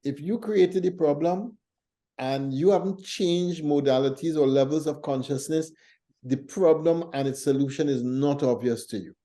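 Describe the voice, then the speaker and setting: A man hosting a faith talk show, teaching and telling stories in a thoughtful, measured way. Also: on the high side, mellow. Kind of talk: reflective conversational teaching.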